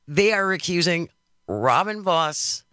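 A man's voice: high-pitched, animated, slow pace, bright, forceful tone, dry recording. A man hosting a political talk radio show, wry in tone, reading out quotes and leading into the breaks. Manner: wry, reads out quotes, smooth segues. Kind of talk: casual political radio chat.

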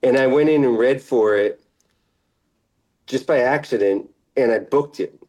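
A middle-aged actor, guesting in a casual interview, is relaxed, laughs often, and sometimes trails off mid-sentence. His mid-range voice moves at a measured pace over a rough recording.

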